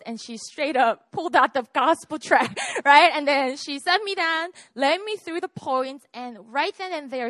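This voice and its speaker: This high-pitched, slightly bright voice belongs to a South Korean woman in her 30s sharing her faith in a conversational sermon with personal testimony. She frequently checks in with listeners by asking "right?" or "okay?", and there's no echo.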